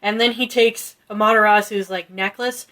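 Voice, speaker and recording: A woman co-hosting a casual podcast, retelling a myth in a rambling, giggly way with lots of swearing and quick character voices. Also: mid-range voice, fairly even intonation, sharp tone. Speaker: podcast co-host retelling myths. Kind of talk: casual chat.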